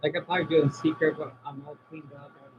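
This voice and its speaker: A man chatting casually on a live stream from home, answering viewers' comments and often trailing off quietly. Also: a little high, little pitch movement, racing, background noise. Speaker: livestream host reading chat. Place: indoors at home by a window. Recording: dull lo-fi stream audio.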